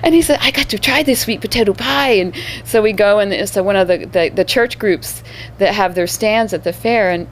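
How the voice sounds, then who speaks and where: A woman's voice: on the low side, a little hiss or hum. A woman who performs as a living statue, telling stories in a casual interview, with many fillers and restarts.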